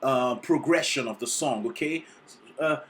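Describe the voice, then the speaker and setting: A vocal coach reacting to a singing performance, excitable and teacherly, often checking in with the listener. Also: mid-range voice, a little slow, very noisy. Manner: excitable, sings short demonstrations between explanations; teacherly, keeps checking in with "okay?". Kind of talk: reaction video commentary.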